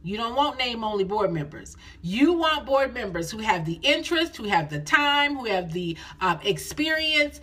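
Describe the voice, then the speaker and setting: A middle-aged woman coaching nonprofits on a phone live stream, lively and folksy, repeating phrases for emphasis. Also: on the high side, normal speed, few pauses.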